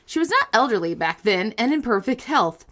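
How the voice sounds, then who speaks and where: A woman co-hosting a chatty podcast, reading listener stories aloud. Her voice sits fairly high and swoops all over as she giggles and cracks jokes between the lines. She keeps the delivery loose and conversational. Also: very animated, a little fast, a bit bright. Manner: giggly, reads with playful comic asides. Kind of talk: casual chat and reading aloud.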